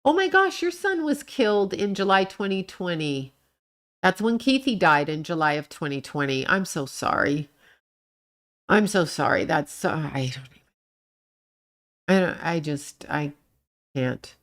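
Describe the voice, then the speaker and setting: A woman's voice: fairly low pitch, lively intonation, measured pace, pauses often, fairly bright tone. A middle-aged woman hosting a casual livestream, answering chat comments and ranting bluntly with plenty of swearing. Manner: blunt and profane, rants and swears at the people she discusses; talks back to chat comments. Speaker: livestream host reading chat.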